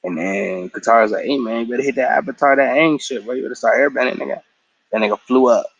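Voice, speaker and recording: A man's voice: medium pitch, quick pace, creaky, lo-fi sound. A tired man in a casual episode recap after a work shift, slangy and profane, acting out the characters' lines as he retells the story. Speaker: show recap vlogger.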